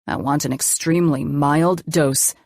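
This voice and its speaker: A woman voicing a calm, gentle male doctor who speaks softly and steadily with quiet authority. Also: low-pitched, unhurried, no echo, clean studio sound. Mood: calm, reassuring. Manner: soft, steady, reassuring.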